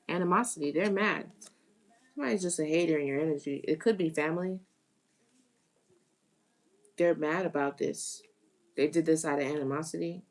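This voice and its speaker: A woman with a somewhat low voice gives a live tarot reading. She talks in an animated way and repeats phrases for emphasis. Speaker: tarot reader.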